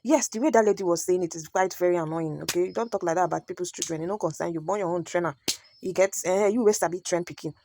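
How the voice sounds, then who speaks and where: Quick-talking Nigerian woman host. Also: lowish voice, dark tone, slight background noise. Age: adult parent. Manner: chatty, mixes pidgin, storytelling. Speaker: reaction video host. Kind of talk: casual reaction commentary.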